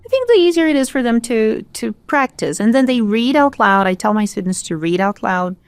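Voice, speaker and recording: A woman's voice: on the high side, expressive, fairly quick, no room sound. A Brazilian woman, an English teacher whose first language is Portuguese, speaking English with a Brazilian accent and making her points emphatically in a casual podcast conversation.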